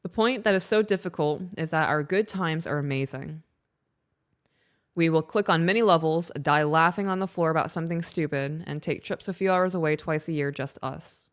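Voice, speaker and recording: Lady cohost w a low voice reading listener emails out loud, playful in between. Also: moderate pace. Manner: playful, teasing banter between steady reading. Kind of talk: reading listener emails aloud on a live podcast.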